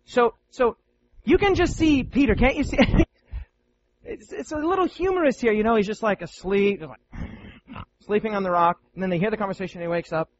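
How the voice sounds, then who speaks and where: A man preaching a sermon to Bible students, animated and playful, with many rhetorical questions. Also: sits high, moderate pace, dull audio, slight background noise.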